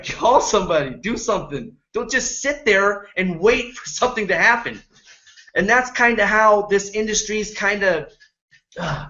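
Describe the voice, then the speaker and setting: A man's voice: sits high, pushed and bright, highs cut off. A man giving an earnest, rambling motivational talk about network marketing, often acting out the people he quotes.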